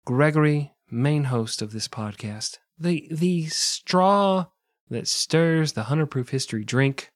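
Casual American male podcast co-host, crude and jokey, mid pitch, dry close mic. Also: measured pace, hardly any pauses, no echo. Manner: joking, crude, playful. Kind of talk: casual podcast outro banter.

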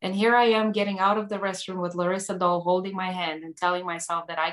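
A woman who works as a hair educator, telling a personal story in conversation with lively delivery, frequent restarts and many "like" fillers. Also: lowish voice, fast talker, few pauses, roomy sound.

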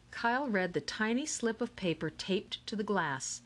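A woman narrating a children's novel in a lively, expressive storytelling manner. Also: mid-range voice, moderate pace, few pauses. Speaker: audiobook narrator. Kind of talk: scripted narration.

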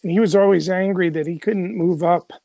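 A man's voice: high voice, steady tone, a little fast, vocal fry, dark tone, dry recording. Rambling older man, dry close sound. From Chicago. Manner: rambling, many fillers and restarts. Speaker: journalist guest. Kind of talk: conversational storytelling.

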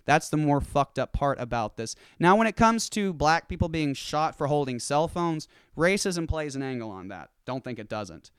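A man's voice: on the high side, moderate pace, hardly any pauses, clean tone, no echo, studio quality. A man in a casual ranting monologue, swearing freely and acting out the voices in his stories. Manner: profane, animated storytelling with acted-out quotes.

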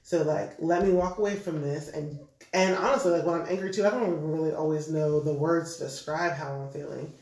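A man's voice: on the high side, steady tone, brisk, a little mellow. A man talking loosely in a casual group chat, rambling and laughing often. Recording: echoey room, off-mic, faint noise.

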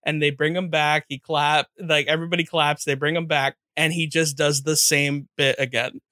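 A man hosting a podcast, chatting casually and reacting quickly with laughs. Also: fairly high pitch, little pitch movement, pushed and bright, dry recording, studio quality. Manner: quick reactive listener who laughs readily. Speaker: podcast host. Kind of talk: casual chat.

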